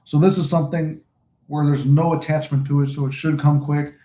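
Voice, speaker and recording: A man's voice: on the high side, flat delivery, fairly quick, mellow. Rambling man in an echoey room. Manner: rambling, loose and profane. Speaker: manifesting channel host. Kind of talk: casual livestream chat. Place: room at home, smoking a cigar. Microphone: phone recording.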